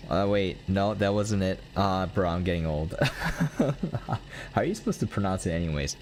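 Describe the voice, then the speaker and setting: A man's voice: low voice, slight background noise. A young American man chatting casually while live-streaming a game, rambling and laughing often as he answers his chat. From United States.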